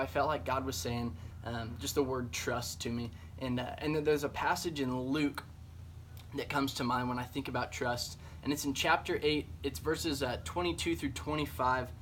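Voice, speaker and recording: A man, a church's junior high director, giving a casual devotional talk, earnest and full of fillers like "man" and "um". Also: a bit bright, slight background noise.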